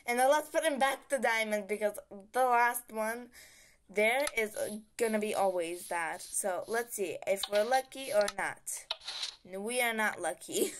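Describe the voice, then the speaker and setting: A woman's voice: on the high side, measured pace. A woman giving casual, playful game-tutorial commentary, chatting and humming sound effects as she builds. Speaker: gaming channel host.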